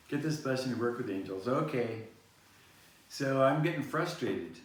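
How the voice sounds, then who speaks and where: A man hosting a vlog, telling a long personal story in a meandering way, full of restarts and fillers. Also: mid-range voice. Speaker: vlog host. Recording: echoey room, far-off mic, faint noise.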